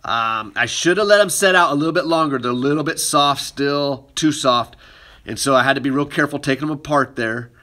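A man walks his students through a clay project, chatting in a relaxed way as he works with his hands. His voice has a bright, forward ring with a pitch in the middle range. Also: brisk. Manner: relaxed, talks while working with hands. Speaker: ceramics teacher. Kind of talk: casual demonstration lesson.

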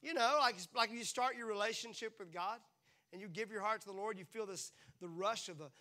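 A man preaching in a church with a high, bright, ringing voice. He talks to the congregation in a playful, animated way. He keeps slipping into quick acted-out voices before dropping back to plain talk. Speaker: pastor. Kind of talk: sermon.

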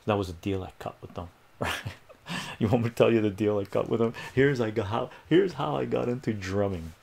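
A man's voice: lowish voice, fairly quick, vocal fry, breathy edge. A middle-aged man, a streaming math tutor, telling a story in casual, rambling livestream chat with frequent laughs. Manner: rambling, animated, laughs often, acts out quoted voices.

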